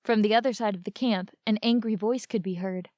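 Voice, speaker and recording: A woman giving a live reading of an adventure story in a measured, expressive storytelling voice. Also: mid-range voice, no echo, studio quality. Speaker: narrator reading a book.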